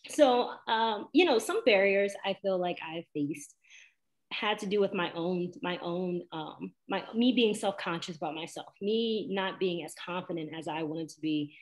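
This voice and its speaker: A woman's voice: on the low side, moderate pace. A woman on a career panel, speaking candidly about her own self-doubt. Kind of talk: reflective panel talk.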